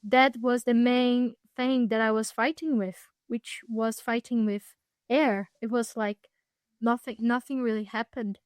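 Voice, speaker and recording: A young woman with a fairly high voice speaks reflectively as a podcast guest. She pauses often and restarts her phrases while she searches for words. The sound is close and dry. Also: fairly even intonation, clear, resonant tone, no echo. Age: young adult. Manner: thoughtful, halting, frequent restarts. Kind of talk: reflective personal storytelling.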